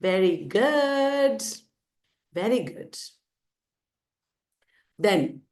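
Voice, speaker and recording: A woman teacher with an Indian English accent lectures slowly and expressively at a medium pitch. She quizzes her students and repeats their answers with emphasis.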